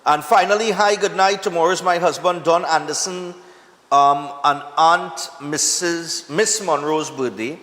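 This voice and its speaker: Man, Trinidadian accent, morning TV host, relaxed chatty delivery, slightly high voice, reverberant studio. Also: unhurried. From Trinidad and Tobago. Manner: relaxed, chatty, laughing easily. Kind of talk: casual live morning TV chat.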